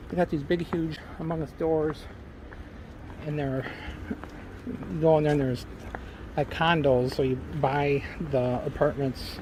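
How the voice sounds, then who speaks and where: A middle-aged man rambles through casual travel-vlog commentary, his voice sitting a little high for a man. He records on a handheld phone out on a city street, with a faint hum of traffic behind him. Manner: rambling and chatty, with lots of fillers and joking asides. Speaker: travel vlogger and channel host. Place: outdoors on a city sidewalk, then in a small car. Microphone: handheld phone camera.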